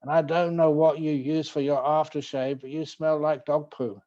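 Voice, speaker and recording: A man's voice: fairly high pitch, level tone, normal speed, warm tone, muffled recording, natural voice. A man voicing a rude young man who hurls mocking insults.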